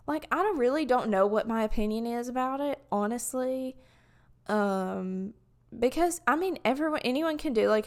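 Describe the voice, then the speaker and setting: A woman's voice: medium pitch, clean tone. A young woman from Alabama with a Southern US accent, talking casually to camera in a rambling way full of fillers. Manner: rambling, many "like" fillers and restarts. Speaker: vlogger.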